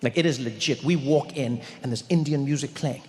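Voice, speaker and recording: A man from Africa, performing an animated stand-up set and acting out voices. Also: medium pitch, fairly quick, big-room sound. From South Africa. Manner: storytelling, animated, acts out voices. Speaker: stand-up comedian. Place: stage in a large venue.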